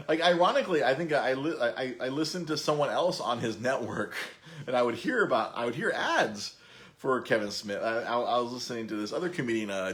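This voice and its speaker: Man, podcast host, casual storytelling, lively pitch, stammers and laughs. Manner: rambling, stammering restarts, frequent laughter.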